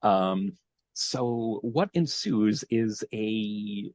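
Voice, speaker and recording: A man's voice: fairly low pitch, slow, a little mellow. A man hosting a podcast, recapping a show in meandering, casual talk as he thinks aloud. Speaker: podcast host. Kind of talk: casual chat, episode recap.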